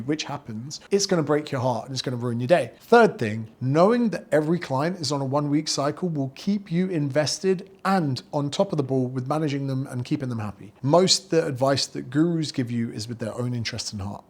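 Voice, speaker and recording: A man's voice: mid-range voice, fairly quick, hardly any pauses. A man coaching personal trainers on business in a blunt, sweary, straight-talking monologue. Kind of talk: direct-to-camera advice monologue.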